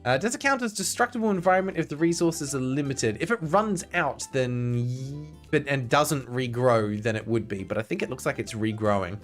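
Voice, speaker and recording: A man streaming a video game, giving casual, excitable, jokey commentary and chatting with his viewers. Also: medium pitch, moderate pace, faint music behind.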